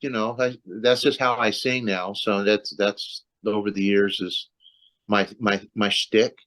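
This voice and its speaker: A man's voice: fairly low pitch, flat delivery, unhurried, a bit bright. A man, a metal singer, talking loosely about his career on a video call, with lots of restarts and fillers. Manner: rambling, many restarts and fillers. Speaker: metal vocalist, interview guest. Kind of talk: casual video-call interview.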